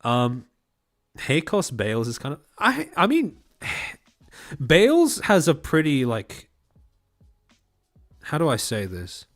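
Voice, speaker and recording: A man's voice: a little high, huge pitch swings, takes it slowly, pauses often. A young man with a light Australian-born Chinese accent talks casually to his stream chat. His presenter voice is precise and carefully articulated, though loose fillers slip in between the points.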